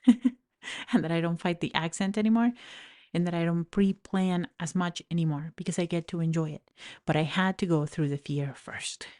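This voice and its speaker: Woman w an accent doing her coaching podcast, lowish warm voice, earnest and encouraging, standing at a mic in her office. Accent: non-native English accent. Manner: earnest, encouraging, personal storytelling. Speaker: podcast host and life coach. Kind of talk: reflective podcast monologue. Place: home office. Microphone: studio mic, standing.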